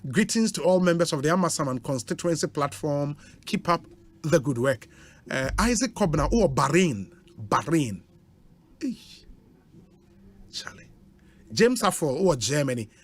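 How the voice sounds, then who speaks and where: A man's voice: fairly high pitch, expressive, moderate pace, long pauses. A man with a Ghanaian accent, a radio host reading out listener greetings on air in a chatty way, with interjections between names.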